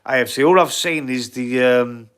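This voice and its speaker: A man's voice: medium pitch, moderate pace, fairly bright tone, clear, resonant tone. A man with a Cockney accent hosting a casual football live stream, blunt and swearing freely as he answers the chat. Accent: London Cockney. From England.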